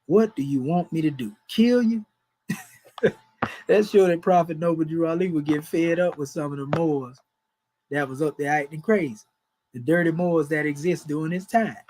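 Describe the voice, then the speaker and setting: A man's voice: a little high, normal speed, a little mellow, slight background noise, low-quality recording. A man, preaching in a folksy, emphatic way and chuckling between points. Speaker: religious teacher. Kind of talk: informal preaching.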